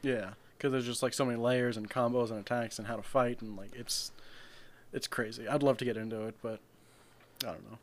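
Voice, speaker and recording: A man's voice: mid-range voice, fairly even intonation, brisk. A young man co-hosting a podcast, rambling and joking in casual chat. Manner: rambling, jokey, with mocking put-on rants. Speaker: podcast co-host.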